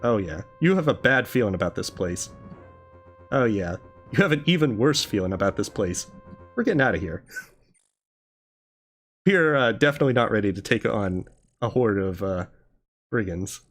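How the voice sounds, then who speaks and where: A man's voice: fairly low pitch, expressive, normal speed, pauses often, soft background music. A man hosting a let's play, chatting casually, chuckling and reading the on-screen game text aloud. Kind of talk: casual gameplay commentary.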